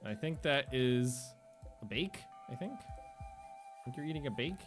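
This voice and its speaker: A man's voice: medium pitch, expressive, measured pace, soft background music. A man streaming a game, chatting casually in a rambling way, often stopping himself mid-sentence and laughing at his own stories. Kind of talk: casual gameplay livestream chat.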